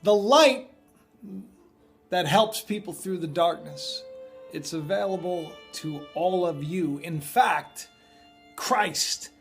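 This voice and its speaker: A male prophecy video host with a high voice speaks at a slow pace, faint music playing behind. His casual monologue on end-times signs meanders, loaded with fillers and digressions.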